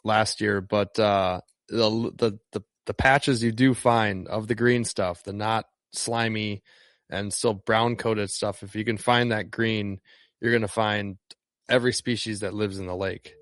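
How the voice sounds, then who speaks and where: A man's voice: on the low side, steady tone, measured pace, fairly bright tone, no room sound. A fishing guide from Northeast Wisconsin, a man talking casually in an interview and rambling with many ums and restarts.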